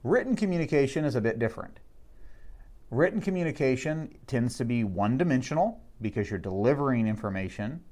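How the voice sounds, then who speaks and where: Guy teaching a recorded class summary, measured and explaining, slows on the important words, average pitch. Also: lively intonation, a little mellow. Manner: measured, explanatory, with slowed emphasis on key words. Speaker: instructor.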